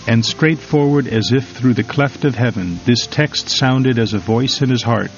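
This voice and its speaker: A man reading a devotional story and reflection in a measured, solemn manner with drawn-out emphasis. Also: mid-range voice. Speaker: devotional reader. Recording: slightly dull recording over faint music.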